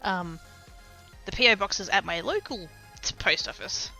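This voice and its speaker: Chatty Australian woman streamer, bright voice. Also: mid-range voice, lively intonation, normal speed, gravelly, soft background music. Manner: chatty and rambling, laughs often, swears casually. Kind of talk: casual live-stream chat.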